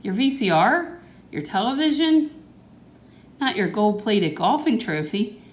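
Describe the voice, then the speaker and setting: A woman's voice: mid-range voice, big pitch swings, unhurried, voice pushed up. A woman voicing a worried mother in a picture-book read-aloud, asking anxious questions. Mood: alarmed. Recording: echoey room.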